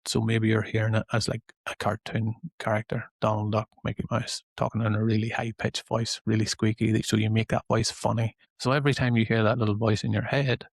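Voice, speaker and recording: A man's voice: lowish voice, flat delivery, brisk, vocal fry, hardly any pauses, breathy edge, no room sound. A man with an Irish accent, hosting a podcast and giving casual self-help advice in a loose, repetitive way. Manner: conversational, loose and repetitive phrasing. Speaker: podcast host and coach.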